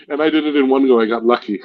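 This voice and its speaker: Talking fast at a medium pitch, a man hosts a casual stream, rambling through long stories, correcting himself and laughing at his own jokes. There's no room sound, though the audio is dull and lo-fi.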